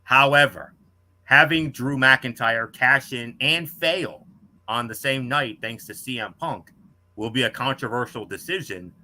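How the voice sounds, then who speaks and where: Bright-voiced man reading a wrestling review. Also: medium pitch. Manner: measured, scripted delivery with star ratings. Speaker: wrestling podcast co-host.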